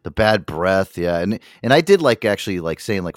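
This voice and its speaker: A man hosting a casual podcast, animated and jokey, swearing often. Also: low voice, fast, hardly any pauses, no room sound, studio quality. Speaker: host.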